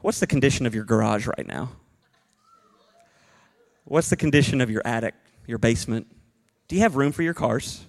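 A man in his thirties preaching a sermon as a pastor, animated and acting out little dialogue bits. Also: medium pitch, a little fast, long pauses.

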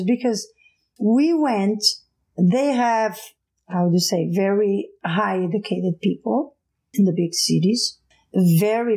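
A woman's voice: mid-range voice, low-quality recording. Portuguese-accented woman telling stories. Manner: animated, laughs often, acts out voices. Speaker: guest. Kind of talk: casual storytelling.

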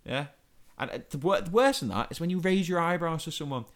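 Fast-talking ranting man. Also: a little high, expressive, a bit bright. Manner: exasperated, ranting, stammers and repeats words. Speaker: podcast co-host. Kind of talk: casual comedic rant.

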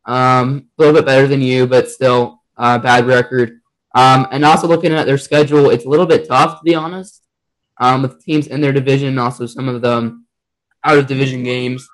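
A young man giving football predictions at a middle pitch on a casual podcast. He hesitates often, filling pauses with ums, and tends to agree with his co-host. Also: flat delivery, rough recording. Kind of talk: casual sports chat.

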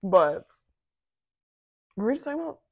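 A young woman co-hosting a podcast, chatting casually and telling stories in slangy, animated talk. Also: medium pitch, moderate pace, dry recording, muffled recording. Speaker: podcast co-host. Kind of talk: casual chat.

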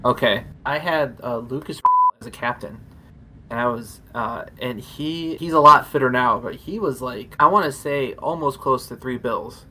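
A man co-hosting a podcast, chatty and quick to laugh in casual conversation. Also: medium pitch, noisy background. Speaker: podcast co-host. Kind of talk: casual chat.

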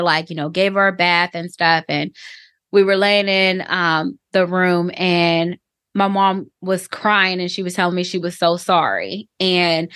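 A woman in her thirties telling a personal story on a podcast, reflective and halting, with many fillers. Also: on the low side, a bit bright, no room sound, studio quality.

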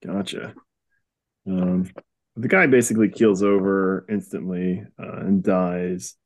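A man with a fairly low voice co-hosts a casual podcast, recapping a comic book. He rambles with lots of fillers and breaks into laughter. His talk is loose and chatty. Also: fairly even intonation, slow pace. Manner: rambling, laughs often, acts out quotes. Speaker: podcast co-host.

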